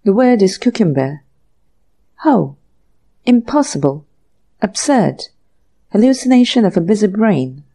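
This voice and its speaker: A woman's voice: mid-range voice, big pitch swings, mellow. Woman doing an irritable, bewildered male author. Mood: bewildered, exasperated. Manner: brisk, exasperated muttering.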